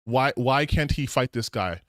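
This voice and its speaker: A grumbling, offended male gamer, dim and indignant, firing off low puzzled questions, as a man puts him on in mockery. His delivery stays close and dry, with pitch that swings widely. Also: animated, unhurried, fairly bright tone, no echo. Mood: indignant mocking.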